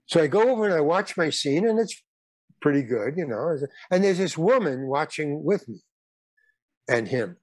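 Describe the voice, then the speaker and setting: A man's voice: a little high, a little mellow, no room sound. A man in his eighties, a guest actor and comedian, telling casual anecdotes in a rambling way, with repeated words, restarts and some blunt swearing.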